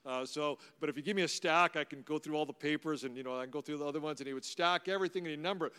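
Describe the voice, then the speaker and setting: High-voiced pastor telling stories in a reverberant hall. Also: male voice, rapid-fire, hardly any pauses, smooth. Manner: conversational, anecdotal, warmly humorous. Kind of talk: storytelling sermon. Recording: long reverb of a large hall.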